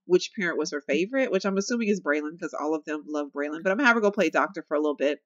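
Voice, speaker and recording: A woman's voice: sits low, lively intonation, racing, a bit bright, dry recording, muffled recording. A young woman giving chatty, casual commentary over her gameplay, talking straight to her viewers and laughing often. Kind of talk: casual let's-play commentary.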